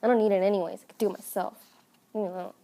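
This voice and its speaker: A spoiled, entitled young woman, as a woman puts her on, whining and barking demands in a petulant, bossy tone. Her voice sits at an ordinary middle pitch, pushy rather than shrill. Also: fairly even intonation, rapid-fire, warm tone, lightly acted. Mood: pleading.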